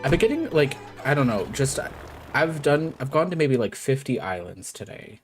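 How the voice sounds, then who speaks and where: A man's voice: medium pitch, very animated, normal speed. A man streaming a game, chatting casually and rambling with lots of filler words. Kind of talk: casual live-stream chat while gaming. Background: background game music.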